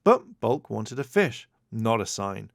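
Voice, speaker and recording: A man's voice: lowish voice, slow, vocal fry, no room sound. A man narrating a children's storybook as an audiobook, reading expressively into a close mic. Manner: expressive read-aloud narration.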